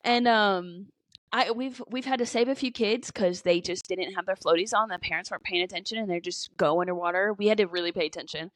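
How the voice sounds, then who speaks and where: A woman's voice: medium pitch, fairly quick, no room sound. A woman in her twenties co-hosting a casual podcast, telling stories with lots of "like" and "you know" and swearing now and then. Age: 20s. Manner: chatty storytelling full of "like" and "you know". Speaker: podcast co-host. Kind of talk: casual chat.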